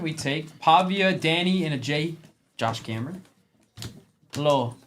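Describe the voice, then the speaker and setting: A man's voice: a little high, fairly bright tone, slight background noise. A man hosting a live sports card break, reading off player names from the cards he opens. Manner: rapid name roll-call of cards.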